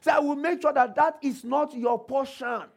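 A male preacher delivering a sermon, quoting scripture, asking the congregation rhetorical questions and calling for responses, slowing and speeding for emphasis. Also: very high-pitched, steady tone, vocal fry. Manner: varies pace and loudness for emphasis.

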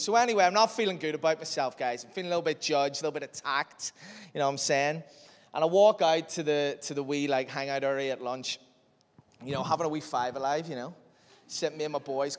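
Jokey man in echoey hall. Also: on the high side. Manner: animated, jokey, chatty. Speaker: youth speaker. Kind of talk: storytelling talk to a young audience. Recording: echoey hall with long reverb.

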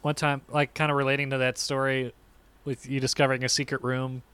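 A young man co-hosting a podcast, telling animated stories in casual chat and acting out quotes with sudden yelps. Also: medium pitch, brisk, clear, resonant tone. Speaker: podcast co-host.

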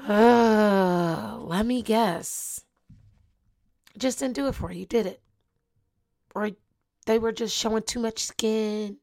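A woman's voice: on the high side, takes it slowly, pauses often, a little mellow. A young adult woman hosting her own podcast, talking casually to listeners, asking them questions and laughing often. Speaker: podcast host. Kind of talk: casual solo podcast monologue.

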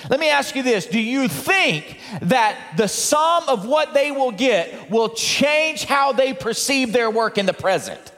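A man preaching a sermon as pastor, loud and emphatic, reading scripture and praying with a congregation. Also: very high-pitched, expressive, unhurried, few pauses. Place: church sanctuary. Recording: long hall reverb.

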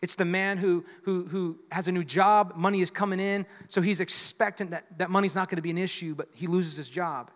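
A man's voice: high-pitched, steady tone, a little fast, few pauses, fairly bright tone. A man preaching a sermon to a church congregation, emphatic and calling for responses from the crowd. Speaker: pastor. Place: church sanctuary. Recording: long hall reverb.

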